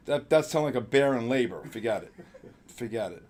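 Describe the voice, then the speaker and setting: A man hosting a live trading stream, talking excitedly about the markets and bantering in exasperation with his crew. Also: mid-range voice, fairly quick. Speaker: trading show host.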